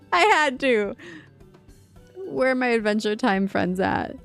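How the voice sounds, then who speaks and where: A woman's voice: a little high, sing-song, measured pace, fairly bright tone, soft background music. A woman streaming a game, chatting casually and giggling at her own attempts at character voices. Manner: giggly, self-deprecating chatter. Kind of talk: casual gaming livestream commentary.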